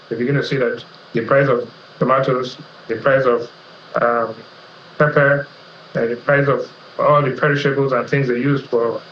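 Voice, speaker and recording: A man's voice: medium pitch, a bit bright, slight background noise. Nigerian man laying out price figures. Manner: measured, explanatory, lists figures. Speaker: economist guest. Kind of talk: economic analysis interview. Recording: roomy, slightly dull TV audio.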